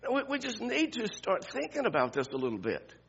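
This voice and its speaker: Older male preacher, gravelly and lively. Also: high voice, brisk, highs cut off. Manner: conversational preaching with rhetorical questions and repeated restarts. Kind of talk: sermon.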